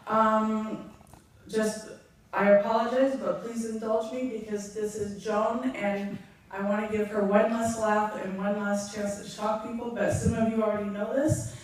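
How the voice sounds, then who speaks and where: A woman's voice: mid-range voice, flat delivery, recorded from a distance, a little hiss or hum. Middle-aged woman in an echoey hall. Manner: halting and heartfelt, with frequent ums. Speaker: eulogist. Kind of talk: funeral eulogy.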